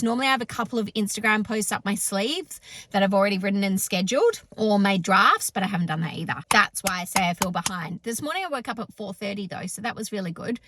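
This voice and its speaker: A woman's voice: mid-range voice, fairly bright tone, no echo. An Australian woman in her thirties talks to the camera in a casual, candid vlog from home. Her voice sits in an ordinary middle register, and her delivery is chatty and breezy, like she's catching viewers up on her week. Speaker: vlogger.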